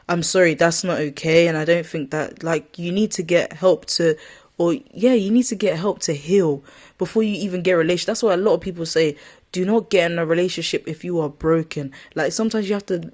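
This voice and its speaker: A woman's voice: fairly low pitch, darkish tone. A woman ranting casually to camera as a vlogger, rambling and correcting herself often in an exasperated way.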